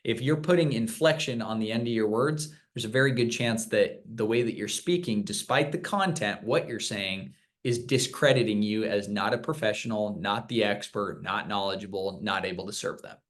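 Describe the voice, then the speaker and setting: A man's voice: on the low side, normal speed, few pauses. A man teaching new sales reps in a casual virtual training session, explaining points with examples. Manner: conversational, explains with examples and acted-out quotes.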